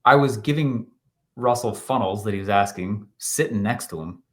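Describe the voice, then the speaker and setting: Animated, laughing male storyteller. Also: on the low side, normal speed. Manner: animated, laughing, acts out quotes. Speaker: guest, marketing entrepreneur. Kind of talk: storytelling in an interview.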